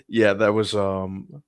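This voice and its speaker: A man's voice: on the low side, clear, resonant tone, dry recording, clean studio sound. A man co-hosting a casual review chat, hesitant with many ums as he gathers his thoughts. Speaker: podcast co-host.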